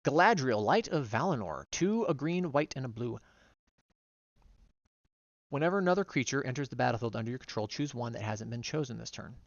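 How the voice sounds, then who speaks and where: A man streaming as a vtuber, casually reading game card text aloud one card after another, quick and run-on. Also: mid-range voice, lively intonation, dry recording, highs cut off.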